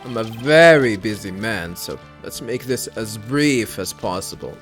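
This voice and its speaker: A man's voice: on the low side, lively intonation, a little slow, a bit bright, faint music behind. A man voicing a vain, pompous mayor's aide in a video game, speaking haughtily and dismissively. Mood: haughty.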